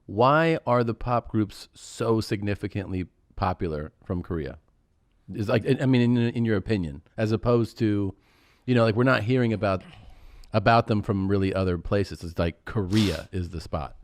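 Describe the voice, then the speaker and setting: A man's voice: fairly low pitch, normal speed, no room sound, clean studio sound. A man hosting a podcast in a joking tone, acting out imagined conversations. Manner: joking, acts out imagined dialogue. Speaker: podcast host. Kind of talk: casual podcast chat.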